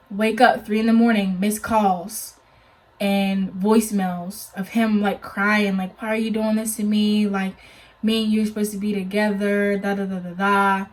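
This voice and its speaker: Young woman, casual storytime vlog, chatty, lots of "like", earnest, mid-pitched voice. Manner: chatty, heavy use of "like"; earnest, cautionary. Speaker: vlogger.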